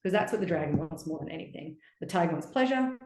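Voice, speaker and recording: Expressive woman guest in an echoey room. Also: fairly low pitch, fast. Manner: expressive, lively, often acts out quoted voices. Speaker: podcast guest, relationship coach. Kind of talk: casual podcast conversation.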